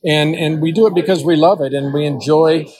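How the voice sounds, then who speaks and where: A man's voice: on the high side, steady tone, a little fast, a little mellow, rough recording. An older man who works as a range master, telling hunting stories in a folksy way during an interview. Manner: folksy storyteller who acts out the voices of people in his stories. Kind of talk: storytelling interview answers.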